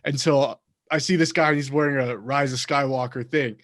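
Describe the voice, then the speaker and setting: Man, podcast host, easygoing, rambling anecdotes, casual chat, mid pitch. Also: steady tone, moderate pace, a bit bright. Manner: rambling storyteller, easygoing, laughs along.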